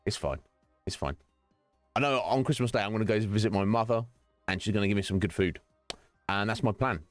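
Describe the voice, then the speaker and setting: A man's voice: on the low side, fairly even intonation, fast talker, soft background music. A male streamer chatting casually with viewers during a game stream, rambling and teasing, laughing often.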